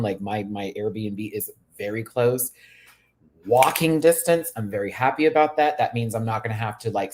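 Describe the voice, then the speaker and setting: A man hosting a casual livestream chat as a drag performer, sassy and chatty, with sudden high-pitched exclamations. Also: slight background noise. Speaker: YouTube host and drag performer.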